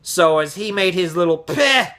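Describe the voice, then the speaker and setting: A man vlogger telling a casual story in an animated, profane way, acting out the voices. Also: on the high side, normal speed.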